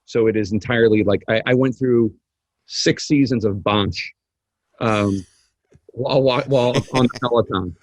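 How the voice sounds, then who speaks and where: A man appearing as a podcast guest in casual chat, earnest and quick, filling pauses with "like" and restarts. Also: medium pitch, no room sound. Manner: quick, earnest, self-interrupting with fillers.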